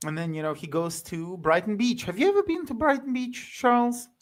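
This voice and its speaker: A man speaking as a guest in a casual chat about a film, halting and loose, full of fillers and restarts. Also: high-pitched.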